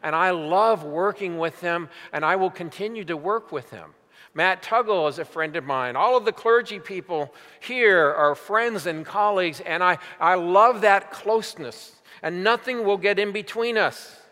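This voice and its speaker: An older man preaching a sermon as pastor, telling stories emphatically and slowing down for weight. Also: high voice, sharp tone. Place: large church sanctuary. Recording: long hall reverb.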